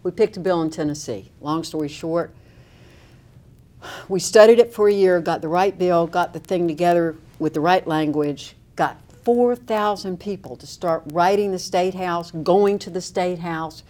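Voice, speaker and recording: Lower-pitched woman telling a wry story. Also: normal speed. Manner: animated storyteller with wry humor. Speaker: interviewee. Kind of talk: storytelling in a recorded interview.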